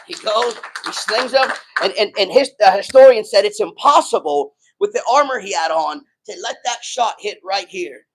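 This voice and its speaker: A man's voice: high voice, animated, normal speed, creaky, hardly any pauses, husky, low-quality recording. A man preaching a sermon in a loose, slangy way, retelling stories with quoted voices. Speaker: pastor.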